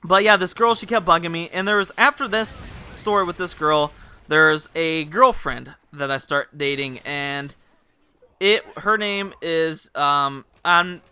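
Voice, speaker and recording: A man's voice: fairly high pitch, a little slow, pushed and bright, clear, resonant tone. A young man telling a rambling, casual story to his viewers and laughing at himself. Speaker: vlogger.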